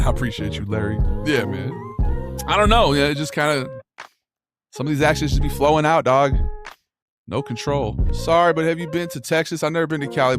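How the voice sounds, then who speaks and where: Laid-back slangy young male streamer. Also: on the high side. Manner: laid-back and slangy, calls everyone bro or dog. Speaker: live streamer. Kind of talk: casual chat with live viewers. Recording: music playing loudly underneath. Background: game music playing under the voice.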